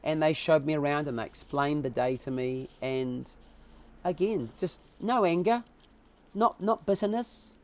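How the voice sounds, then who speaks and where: Animated New Zealand man telling a story. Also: on the high side, a little slow. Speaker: podcast guest. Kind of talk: casual interview storytelling.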